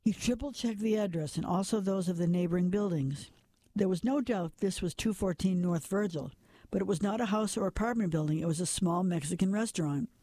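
Man calmly reading a story aloud. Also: high-pitched, no room sound. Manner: steady, plain reading with occasional slips and restarts. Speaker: narrator. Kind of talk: audiobook narration.

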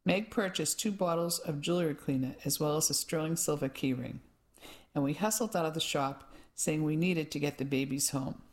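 A woman narrating a first-person audiobook in an even, measured way. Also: deep voice.

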